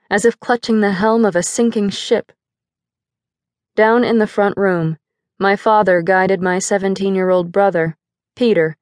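A woman narrating a first-person audiobook in a measured, dramatic storytelling manner, close to a studio mic. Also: lowish voice, a little mellow, no echo.

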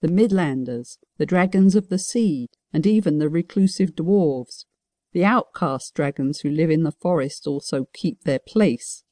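A grave old wizard who lays out the law with solemn patience, as a woman narrator voices him. The tone is mellow and warm, recorded dry and close. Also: low voice, expressive, a little slow, no room sound. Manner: solemn, explaining.

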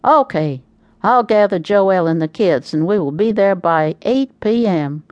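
An excitable grown son fires off wisecracks, played by a woman reading an audiobook. His voice sits a notch higher than the narration. The sound is dry and close. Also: measured pace, no echo, dull audio, natural voice. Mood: frazzled.

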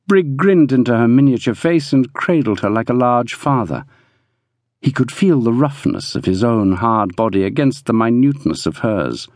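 A man narrating a novel in a measured, descriptive reading, recorded close in a studio. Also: medium pitch, expressive, darkish tone, dry recording. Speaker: audiobook narrator. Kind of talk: scripted narration. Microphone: close studio mic.

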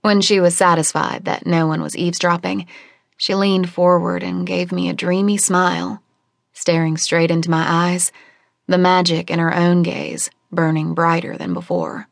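A woman reading a first-person novel as audiobook narrator, in a measured, steady storytelling manner at a close studio microphone. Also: lowish voice, vocal fry, dry recording.

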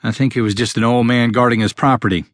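A man doing a calm, soothing young husband. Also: medium pitch, fast, dry recording, studio quality, lightly acted. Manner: gentle, soothing.

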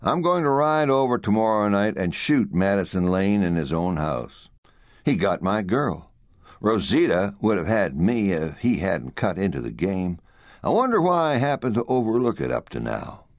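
A man's voice: fairly low pitch, big pitch swings, normal speed, no room sound, studio quality. A man voicing a cold, deadly young outlaw who speaks in a mild drawl, in an audiobook. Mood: calm grim.

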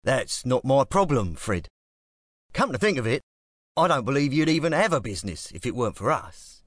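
A man voicing a gruff, sarcastic gangster who talks in a blunt, barking way. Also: medium pitch, sing-song, normal speed, a bit bright, dry recording, studio quality, voice pushed up. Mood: menacing. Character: gruff, sarcastic male gangster extorting money.

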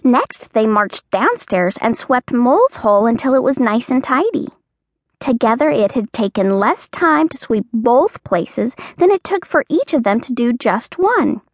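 A woman narrating a children's audiobook in a clear, expressive storytelling manner. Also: fairly high pitch, a little slow, dry recording, studio quality.

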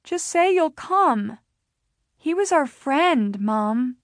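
A teenage girl begging urgently to come home, as a woman narrator puts her on. The voice is fairly high and pressing, recorded dry and close. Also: animated, very slow, no echo, full character voice. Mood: pleading. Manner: urgent, pleading.

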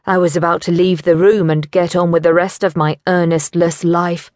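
A woman narrating a teen novel in first person, measured and wry. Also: fairly low pitch, level tone, a little mellow, dry recording, clean studio sound. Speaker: audiobook narrator. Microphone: studio microphone.

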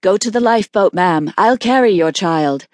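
A woman voicing a large, kind male stranger who speaks calmly and reassuringly, in a dry recording. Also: medium pitch, normal speed, no echo, close to an everyday voice.

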